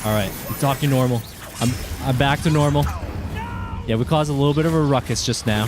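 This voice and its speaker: A man streaming a game live, chatting casually with viewers and reacting with excited outbursts. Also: medium pitch, brisk, music in the background.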